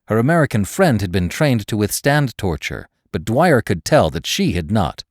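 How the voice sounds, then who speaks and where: A man with a deep voice narrates a thriller audiobook in a measured, dramatic way. His delivery moves expressively through his range. The recording is dry and close to the mic. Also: sing-song, dry recording.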